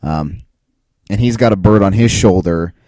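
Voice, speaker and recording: A man's voice: deep voice, normal speed, mellow, no room sound. A man co-hosting a podcast in casual chat, laid-back and hedging his points with questions. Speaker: podcast co-host.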